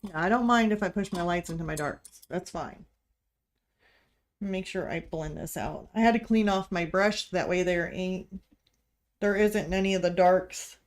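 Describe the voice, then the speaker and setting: A woman's voice: on the low side, normal speed. A woman from Missouri with a light Missouri accent, chatting through a live painting tutorial as she works. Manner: chatty, thinking aloud while working. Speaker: art instructor. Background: heater hum.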